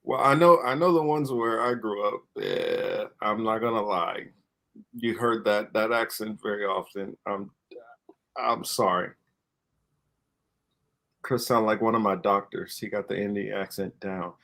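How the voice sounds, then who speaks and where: A man co-hosting a casual talk show, joking around in an animated way. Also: fairly low pitch, a little slow, long pauses. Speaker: podcast co-host. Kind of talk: casual chat.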